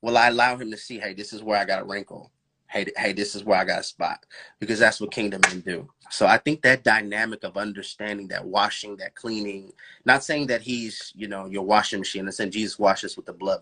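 A man's voice: fairly low pitch, bright, forceful tone, breathy edge. A married man talking faith and relationships in a podcast conversation, preaching with fervent cadence, rhetorical questions and bursts of laughter. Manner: laughs and addresses listeners as bro, girl.

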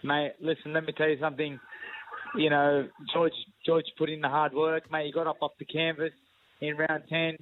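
Australian male pundit, fairly high voice, thrilled, tinny phone line. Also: little pitch movement, fairly quick, a little hiss or hum. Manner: elated, repeats himself. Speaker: radio caller, boxing pundit. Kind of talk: phone-in chat.

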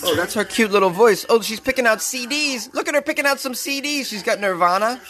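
A man from Boston hosting a podcast, excitable and laughing often as he cracks crude jokes. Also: very high voice, fairly quick. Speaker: podcast host. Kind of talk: casual comedic commentary.

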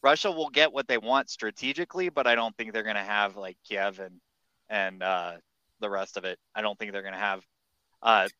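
A man's voice: lowish voice, moderate pace, bright, forceful tone, clean tone, no room sound. A man in casual podcast chat, talking in a meandering, hesitant way. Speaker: podcast co-host or guest. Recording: dull, dry lo-fi mic.

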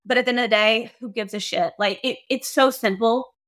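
A woman's voice: fairly high pitch, fairly even intonation, fairly quick, fairly bright tone. A woman hosting a podcast, talking frankly and bluntly, swearing freely. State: emotional. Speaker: podcast host. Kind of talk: casual podcast monologue.

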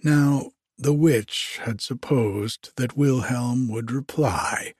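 Male storybook narrator, husky and very slow, dry close recording. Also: medium pitch, a little mellow, no room sound. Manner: slow, measured phrasing in short pieces. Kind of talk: storybook reading.

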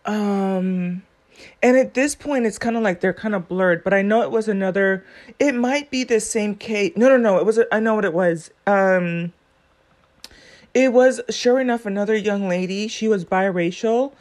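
A woman's voice: mid-range voice, normal speed, a little mellow. A woman giving casual commentary on a court video, earnest and rambling as she thinks aloud.

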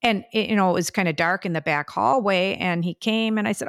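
A woman's voice: mid-range voice, brisk, gravelly, hardly any pauses, no room sound, studio quality. A middle-aged woman, a mother, telling a family story in casual chat and quoting what she said. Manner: warm, chatty storyteller, quotes herself. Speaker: guest, the co-host's mother.

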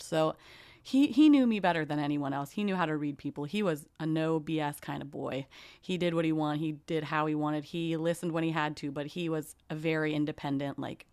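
A woman with a very low voice hosts a casual conversational interview. She talks in a heartfelt, rambling way, full of "like" and restarts. The sound is dry and close. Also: a little mellow, no echo. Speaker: podcast host.

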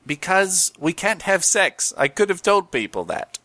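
A man voicing a male insurance gecko mascot as a joking, salesy pitchman, on a bright, dry podcast mic. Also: big pitch swings, a little slow, no room sound, full character voice.

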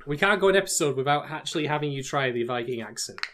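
A man co-hosting a casual podcast, speaking in a measured, thoughtful way and teasing his co-host. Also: a little high, expressive, fairly bright tone, a little hiss or hum. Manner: measured, teasing, addresses listeners as folks.

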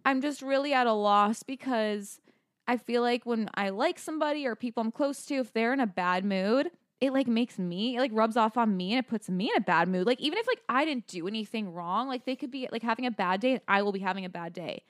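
A woman's voice: on the high side, animated, a little fast, dry recording, clean studio sound. A young woman co-hosting a podcast, telling a personal story candidly and laughing often. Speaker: podcast co-host. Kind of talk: casual chat.

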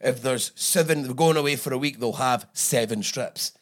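A man's voice: mid-range voice, normal speed. A Scottish man hosting a podcast, chatting casually, swearing and laughing through his stories. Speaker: podcast host. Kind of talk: casual chat.

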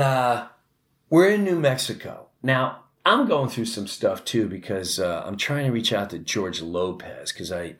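Middle-aged man, comedian, storytelling, animated, restless, frequent restarts, lowish voice. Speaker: comedian host. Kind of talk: comic storytelling.

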